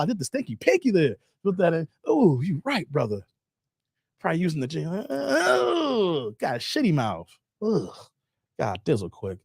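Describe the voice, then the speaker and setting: A man's voice: a little high, slightly rough, no room sound, clean studio sound. A man hosting a casual live stream, reading out chat messages and talking straight to his viewers in slang, with "man" and "guys" in nearly every sentence. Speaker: live-stream host reacting to videos and chat.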